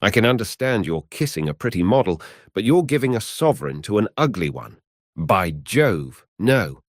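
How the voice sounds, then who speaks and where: A man's voice: on the low side, big pitch swings, moderate pace, no echo, studio quality. A man voicing a jovial painter friend in a storybook reading, speaking in an amused, hearty way.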